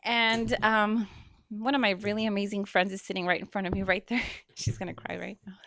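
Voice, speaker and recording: Casting note: young woman talk-radio host with a middle-pitched voice, rambling and emotional, quick to laugh, on a dry close mic. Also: little pitch movement, a bit bright, dry recording. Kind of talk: casual internet radio talk.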